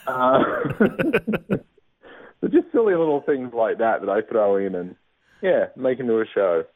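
Chatty comedian on a tinny line. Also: male voice, mid-range voice, expressive, unhurried. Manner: chatty, self-mocking, laughs often. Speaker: stand-up comedian, guest. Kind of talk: casual interview answers. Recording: tinny phone-line sound.

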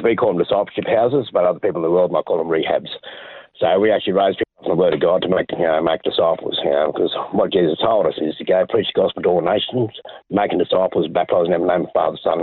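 Australian man, deep husky voice, rambling testimony, phone-thin dry sound, interview guest. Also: no echo. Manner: rambling storyteller, reenacts dialogue. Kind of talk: personal testimony. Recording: tinny phone-like audio.

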